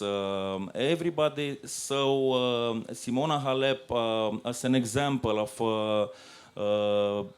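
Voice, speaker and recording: A Romanian man hosts a live sports talk show, speaking English with a Romanian accent. His voice is smooth and resonant, though his phrasing halts as he searches for each word, all in a medium pitch. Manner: halting English with frequent pauses and hunting for words.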